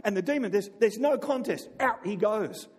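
A man preaching a sermon in an animated way, often asking his listeners "right?". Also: high-pitched, moderate pace, slightly rough. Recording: long reverb of a large hall.

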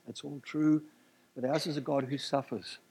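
Male preacher, husky, a bit high-pitched, lively sermon delivery with humorous asides. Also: moderate pace. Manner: animated, rising to emphatic peaks, jokes and asides.

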